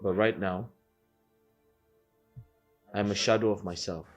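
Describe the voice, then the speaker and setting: A man's voice: fairly low pitch, steady tone, takes it slowly, poor audio. An actor with a Nigerian accent playing a heartbroken, bitter husband in a Nollywood film, with music under his voice. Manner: bitter, accusing, shouting at times. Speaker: wronged husband. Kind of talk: Nollywood screen acting.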